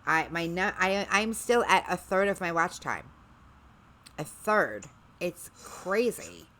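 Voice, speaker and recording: Bright-toned chatty woman streamer. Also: on the low side, sing-song, slow, a little hiss or hum. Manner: rambling, chatty, sarcastic asides. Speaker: livestream host. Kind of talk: casual livestream chat.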